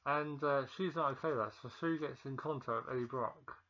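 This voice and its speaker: A man's voice: medium pitch, fairly quick, bright, forceful tone, muffled recording. A man casually recapping a film, rambling with frequent ums and restarts while feeling ill. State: feeling ill, pausing to cough.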